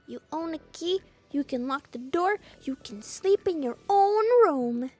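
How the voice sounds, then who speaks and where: A woman streamer reading a story game aloud, breaking off into playful, expressive reactions and jokes about her own reading. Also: sits high, measured pace.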